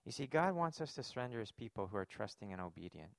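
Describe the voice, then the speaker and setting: A man's voice: lowish voice, big pitch swings, fast, gravelly, no room sound. Guy preaching a sermon, earnest, keeps asking the room questions, dead dry sound. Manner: earnest, emphatic, rhetorical questions. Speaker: pastor.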